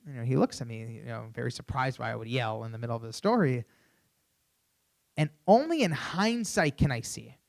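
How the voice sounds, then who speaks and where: A young keynote speaker tells a lively story into a stage mic at a conference, peppering it with "you know." He talks a little fast in a creaky, mid-range voice.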